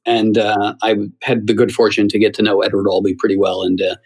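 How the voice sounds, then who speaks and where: A middle-aged man, a theater writer and former talk show host, telling a story in an interview, lively with halting restarts. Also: lowish voice, husky, rough recording. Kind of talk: anecdotal interview answer.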